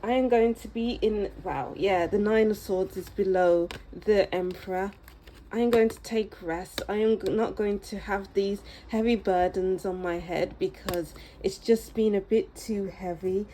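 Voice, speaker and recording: A woman giving a pick-a-card tarot reading in a soft, musing, unhurried way that often sinks to a low near-whisper. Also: fairly even intonation, slight background noise. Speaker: tarot reader.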